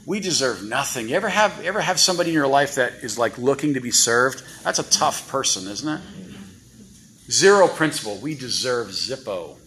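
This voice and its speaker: Bright-voiced man preaching a sermon. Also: mid-range voice, lively intonation, brisk, a little hiss or hum, low-quality recording. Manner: conversational, rhetorical questions to congregation. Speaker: guest preacher. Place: church. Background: congregation responses.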